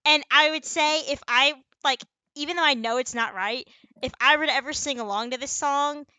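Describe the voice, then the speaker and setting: A young woman co-hosting a podcast in casual chat, chatty and quick to laugh. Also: high-pitched, sharp tone, no echo. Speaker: podcast co-host.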